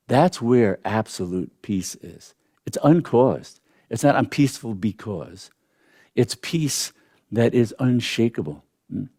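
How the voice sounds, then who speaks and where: An older man teaches meditation in a reflective, unhurried way. His mellow voice rises and falls with lively pitch, and he drops in soft thoughtful hums between points. The sound is dry and close. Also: no echo. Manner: reflective, with soft "mm" and "hmm" pauses. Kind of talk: spiritual teaching talk.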